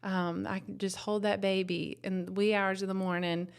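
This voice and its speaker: A young woman, telling her story as a new mother in a soft, tender, rambling way. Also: medium pitch, level tone, normal speed, clean tone. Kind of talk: casual personal testimony.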